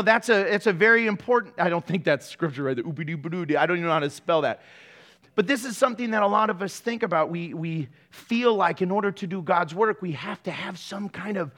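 A man's voice: sits high, fairly bright tone. A man preaching a casual sermon, with playful, jokey asides to the congregation. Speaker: pastor.

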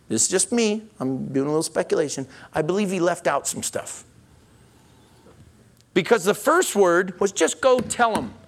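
Animated, chuckling male preacher. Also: high-pitched. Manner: animated storytelling, acts out quotes, chuckles often; drops to a soft intimate tone for the blessing. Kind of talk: sermon.

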